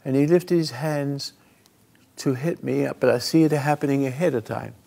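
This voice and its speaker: A man hosting a call-in radio show, telling a story dramatically and swinging between loud and hushed, halting and restarting mid-phrase. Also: mid-range voice, creaky.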